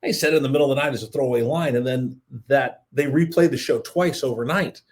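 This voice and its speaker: A man hosting a podcast interview, an animated storyteller who acts out the quotes in his anecdotes. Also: mid-range voice, quick pace. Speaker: podcast host, executive producer.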